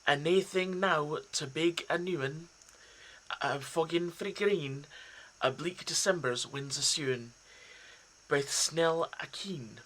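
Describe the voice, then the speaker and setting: A man putting on a Scottish accent to recite a poem as a farmer speaking gently to a mouse, in a raised, drawn-out, declaiming voice. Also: fairly high pitch, voice pushed up, low-quality recording. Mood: tender, rueful. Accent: put-on Scottish. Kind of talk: poetry recitation.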